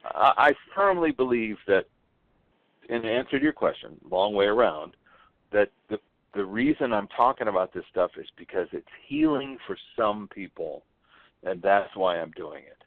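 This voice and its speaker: A man guesting on an interview show, telling stories with lively delivery and acting out the dialogue he quotes. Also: lowish voice, normal speed, no room sound. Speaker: author guest. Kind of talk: animated storytelling on an interview show. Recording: tinny phone line, dry.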